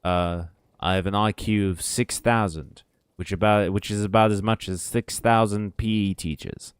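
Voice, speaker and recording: A man doing a deadpan male ship's computer with a British accent, in a flat, dry delivery. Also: lowish voice, moderate pace, clean tone, no echo, lightly acted.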